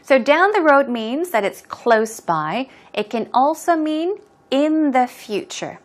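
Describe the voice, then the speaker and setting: A woman's voice: high voice, sing-song. A woman teaching English expressions, explaining words patiently and modeling pronunciation. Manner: clear, patient, drawn-out teaching delivery.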